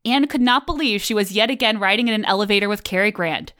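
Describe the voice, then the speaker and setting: A woman co-hosting a podcast, telling and reading out a story with an expressive delivery and easy laughter. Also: medium pitch, fast. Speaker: podcast co-host. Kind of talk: casual chat, reading a story aloud.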